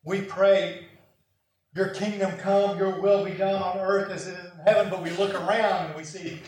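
High-voiced preacher in an echoey hall. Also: male voice, normal speed, a little hiss or hum. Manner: animated storytelling with self-mocking asides. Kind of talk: sermon. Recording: echoey room from far off.

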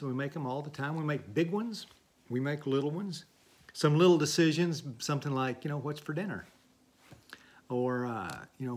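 A man preaches a sermon in a relaxed, folksy way, chatting through stories and asides. His voice sits at a middle pitch. Faint noise runs under the recording. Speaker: pastor.

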